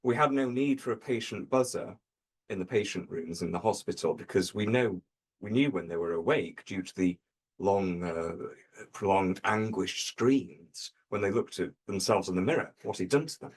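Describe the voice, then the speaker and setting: A man on a comedy panel telling an absurd dark tall tale in a dry, deadpan way, with hesitant fillers. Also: low-pitched, normal speed, husky.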